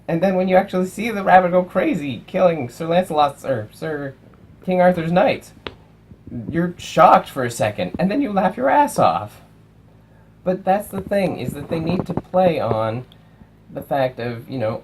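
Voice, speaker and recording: A young man casually reviewing films, animated, swearing and acting out lines from movies. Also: mid-range voice, moderate pace, slight background noise, low-quality recording. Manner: animated, swears, acts out quotes. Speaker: film reviewer.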